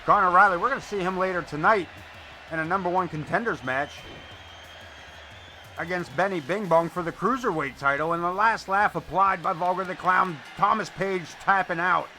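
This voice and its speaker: This wrestling commentator has a high voice and a sharp tone, talking at normal speed over soft background music. He delivers live play-by-play but keeps breaking off into casual chat full of blunt, profane, chatty stories.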